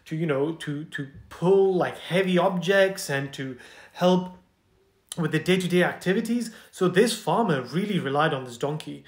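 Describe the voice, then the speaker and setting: High-voiced man telling bedtime stories. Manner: gentle, chatty, asks listeners questions. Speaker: children's storyteller host. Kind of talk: bedtime story narration. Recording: roomy echo.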